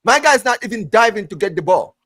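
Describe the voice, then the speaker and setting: A man hosting a casual football podcast, ranting in an animated way, swearing often and restarting his phrases. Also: sits high, fairly quick, no room sound. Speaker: podcast host. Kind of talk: heated casual football chat.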